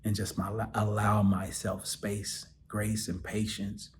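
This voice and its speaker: Deep-voiced man telling an emotional story. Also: takes it slowly, slight background noise. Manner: animated, emotional, drops to soft near-whispers. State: choked up, close to tears. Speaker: podcast host. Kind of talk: personal storytelling.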